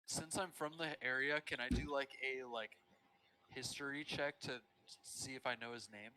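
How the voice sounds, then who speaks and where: A man's voice: medium pitch, steady tone, normal speed, sharp tone, clean tone. A man playing a tabletop game, talking in a hesitant, fumbling way. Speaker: player. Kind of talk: casual tabletop play.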